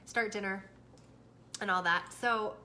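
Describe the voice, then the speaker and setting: A woman's voice: mid-range voice, measured pace. A woman in her thirties, a mother and co-host, chatting casually and acting out what she said to her kids. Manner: animated storyteller, acts out yelling and quotes. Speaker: podcast co-host, mother of four. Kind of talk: casual chat. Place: small home with a crock pot running. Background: faint household noise.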